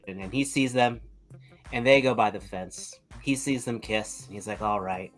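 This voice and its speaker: A man's voice: on the low side, normal speed, soft background music, poor audio. A man co-hosting a live toy podcast, telling a long joke and acting out the characters' lines. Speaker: podcast co-host.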